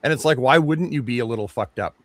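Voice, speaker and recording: A man of medium pitch talks at a quick pace. He co-hosts a podcast and is casually reviewing a movie trailer, rambling through his take with plenty of restarts and fillers.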